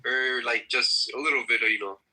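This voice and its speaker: A man with a very bright voice recounts an earlier talk in a group chat. He restarts often and leans on fillers. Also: medium pitch, fairly even intonation, rough recording. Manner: halting, full of fillers and restarts. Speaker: regular in the chat room.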